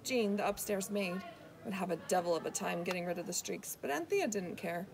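Woman narrating a novel, mid-range voice, steady delivery. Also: mid-range voice, fairly quick, creaky, background noise. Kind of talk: reading a novel aloud.

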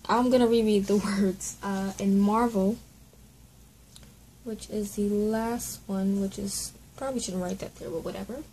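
A woman's voice: mid-range voice, steady tone, measured pace, warm tone, a little hiss or hum, low-quality recording. A woman hosting a casual Bible study at home, chatty and apologetic, spelling out words letter by letter.

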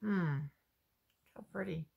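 A woman's voice: mid-range voice, vocal fry, slightly rough, lo-fi sound. A woman, chatting casually as she unboxes homemade soap and muses aloud. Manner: slow, chatty, musing aloud.

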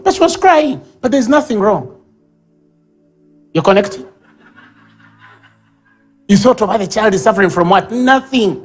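A man with a Ugandan English accent preaching a sermon at a church service, animated, acting out sobs and baby babble and shouting key lines. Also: high-pitched.

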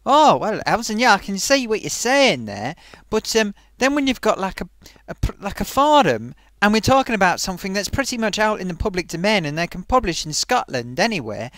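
Lively, rambling man vlogging. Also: high-pitched, fairly quick, dry recording, studio quality. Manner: rambling, with many ums and restarts. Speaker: vlogger host. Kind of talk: casual comedy vlog chat.

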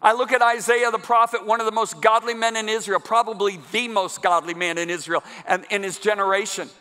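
A man preaching a sermon to a congregation in a large church, emphatic and building to loud climaxes. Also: sits high, fairly even intonation, a little fast, clear, resonant tone. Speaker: guest preacher. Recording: long church hall reverb.

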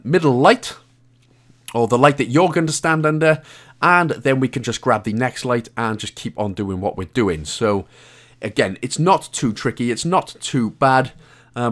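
A Welsh man hosting a game walkthrough, talking casually and joking with a laugh here and there. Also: medium pitch. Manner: chatty, jokey, laughs often. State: out of breath. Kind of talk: casual gameplay commentary.

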